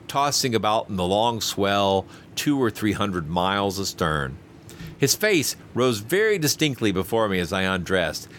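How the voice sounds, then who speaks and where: A man narrating a first-person story in a measured, expressive reading. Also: fairly low pitch, slight background noise. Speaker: audiobook narrator.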